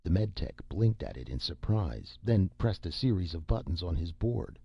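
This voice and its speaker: Male audiobook narrator, gravelly low voice, dry and a bit dull lo-fi sound. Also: animated, normal speed, no echo. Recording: dull lo-fi recording.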